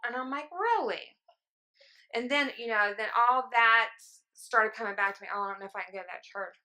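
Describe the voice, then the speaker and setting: A woman's voice: on the high side, steady tone, fast, pushed and bright, dry recording. A woman telling her personal testimony to a church congregation, candid and conversational, acting out her own past thoughts. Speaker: church member giving testimony.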